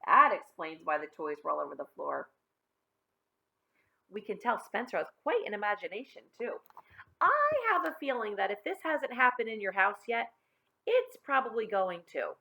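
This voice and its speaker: A woman reading a picture book aloud to children in an expressive, friendly way. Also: medium pitch, vocal fry. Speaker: storybook reader.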